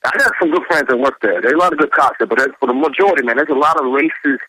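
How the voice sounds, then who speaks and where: A man calls in to a talk radio show, talking in a quick rush and tripping over his own words. His voice is bright and sounds dry and close. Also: medium pitch, breathy edge, no echo, poor audio. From New York. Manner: fast, halting, repeats words. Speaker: caller.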